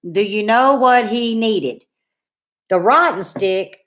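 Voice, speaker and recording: Her pitch is medium and her tone fairly bright, and she takes things slowly but stays animated. She's a middle-aged woman with a Louisiana Southern accent, co-hosting a casual live cooking chat with folksy, teasing chatter.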